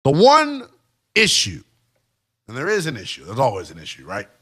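A man's voice: on the low side, a little fast, slightly rough. A man giving an emphatic football analysis monologue, talking straight to his viewers. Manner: emphatic, animated, addresses viewers as guys and y'all. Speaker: sports commentator.

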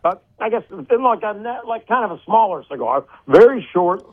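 A man co-hosts a casual chat in a somewhat high voice. He hesitates and stammers, restarting his thoughts. His audio comes through dull and lo-fi. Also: very animated, moderate pace. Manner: hesitant, stammering, repeats himself. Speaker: podcast co-host. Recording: dull lo-fi sound.

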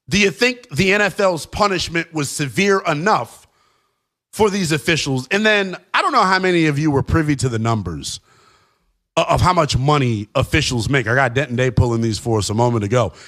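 A man's voice: sits high, sharp tone. A man hosting a sports radio show, ranting emphatically about officiating. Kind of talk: opinionated sports talk.

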